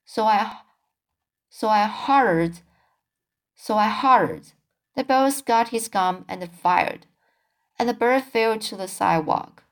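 A woman's voice: medium pitch, slow, pauses often. A woman voicing an eager, talkative male store salesman in a storybook reading.

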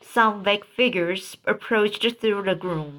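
A woman narrating an audiobook story, reading haltingly and repeating words. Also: mid-range voice, a bit bright.

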